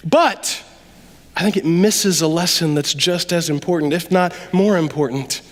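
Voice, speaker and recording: High-voiced preacher in a reverberant church. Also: male voice, unhurried. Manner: conversational, animated preaching with sudden drops to quiet. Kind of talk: sermon. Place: church sanctuary. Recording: long reverb of a large hall.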